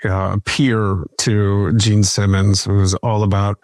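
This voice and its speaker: A man hosting an interview, chatting in a relaxed conversational way. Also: on the low side, slow, dry recording, clean studio sound. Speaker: podcast host. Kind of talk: casual interview chat.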